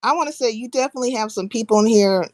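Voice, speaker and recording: A woman's voice: fairly high pitch, racing, dry recording. Blunt woman hosting a live stream. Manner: blunt, confrontational, swears freely; shouts out viewers by name mid-sentence. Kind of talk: casual live stream chat.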